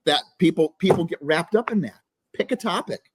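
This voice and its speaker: A man's voice: fairly high pitch, animated, a little fast, slightly rough, no room sound. A man guesting on a podcast, talking bluntly and with plenty of swearing, and acting out the voice in someone's head. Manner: blunt and profane, acting out the inner critic's voice. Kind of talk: casual interview talk.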